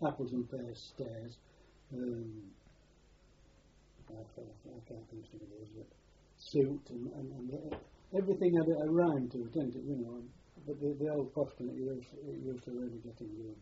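A man's voice: medium pitch, normal speed, mellow. An older man with a rambling, repetitive way of talking, recalling his wartime past in an oral history interview. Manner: rambling, repeats words while recalling. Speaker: interviewee, former prisoner of war. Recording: dull lo-fi archive tape with faint hiss.

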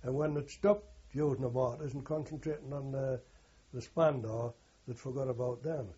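This aging war veteran's oral history comes out long, rough and meandering, with frequent self-corrections. A dark, very husky voice at medium pitch keeps a fairly even intonation and a moderate pace, captured on a dull, lo-fi recording.

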